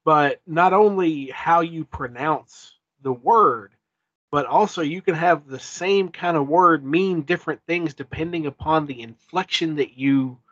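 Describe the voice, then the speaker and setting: A man's voice: a little high, a little slow, fairly bright tone, dry recording. A man talks loosely on a podcast, circling back on himself with plenty of ums and restarts. The sound is a bit dull and lo-fi, and very dry, with no room around it. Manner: rambling, many fillers and restarts. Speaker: podcast co-host. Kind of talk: casual chat.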